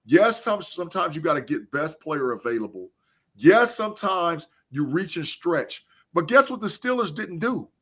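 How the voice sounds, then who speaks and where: A man's voice: a little high, sing-song, normal speed, fairly bright tone, breathy edge. A man, a guest on a remote call, talking emphatically in casual chat and chuckling as he repeats phrases.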